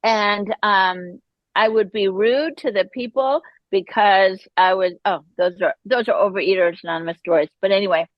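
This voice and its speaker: A woman, a podcast guest, telling her personal recovery story in an animated way, acting out the voices she quotes. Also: mid-range voice, normal speed, dry recording, highs cut off.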